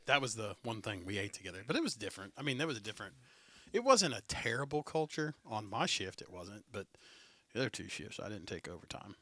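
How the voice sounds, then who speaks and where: A man's voice: on the low side, sing-song, quick pace, pushed and bright, no echo. A man hosting a podcast, chatting casually and telling stories with frequent laughs. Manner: chatty storyteller, laughs often. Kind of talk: casual chat.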